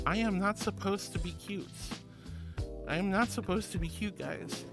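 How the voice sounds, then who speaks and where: Woman VTuber host, casual and affectionate, middle-pitched voice, music bed underneath. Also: normal speed. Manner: playful, affectionate, thanks viewers warmly with pet names. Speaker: VTuber streamer. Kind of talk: casual live-stream chat, reading chat aloud.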